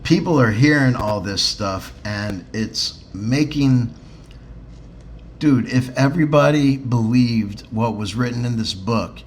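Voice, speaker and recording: A man's voice: mid-range voice, takes it slowly, a little hiss or hum. A man co-hosting a podcast in casual chat, joking and sarcastic, swearing freely with lots of ums and uhs. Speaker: podcast co-host.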